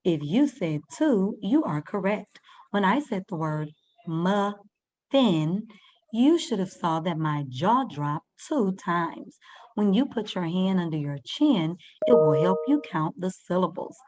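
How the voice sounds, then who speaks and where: A woman's voice: on the low side, very animated, unhurried, a little mellow. A woman teaching a first-grade reading lesson, patiently sounding out words and guiding young children step by step.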